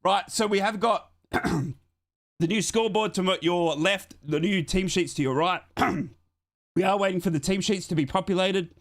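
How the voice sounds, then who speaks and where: A young man hosting a live football watchalong stream from home, hoarse from a chest infection and thanking viewers over and over. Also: high-pitched, normal speed. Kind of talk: excited live-stream chat. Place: home streaming setup in Australia.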